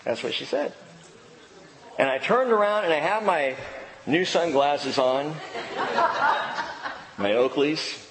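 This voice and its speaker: A man's voice: a little high, expressive, slow, gravelly, pauses often, a bit bright. A man preaching a sermon, telling a personal story with self-mocking humor. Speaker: pastor. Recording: long reverb of a church hall.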